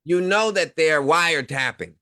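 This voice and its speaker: A man's voice: on the high side, animated, normal speed, pushed and bright, no echo, studio quality. A man co-hosting a casual online talk show, talking in a rambling way with lots of fillers and chuckles. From Midwest United States. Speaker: co-host. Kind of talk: casual livestream chat.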